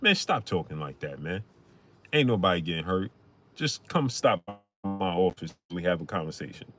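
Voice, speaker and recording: A calm, low-voiced mogul talks an angry crew down in a soothing, placating tone, as a man puts him on. His voice is fairly deep and unhurried. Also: exaggerated voice.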